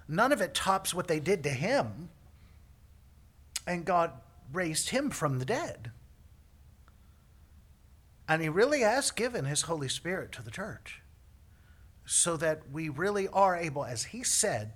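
With a slightly high voice and a breathy edge, a male minister preaches a sermon built around a personal story. He's animated, laughs often, and repeats his words.

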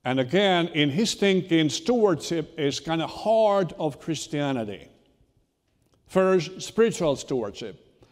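Pastor preaching in a reverberant church. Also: male voice, a little high, lively intonation, a little mellow. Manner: unhurried, halting delivery with repeated restarts. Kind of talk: sermon. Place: church sanctuary.

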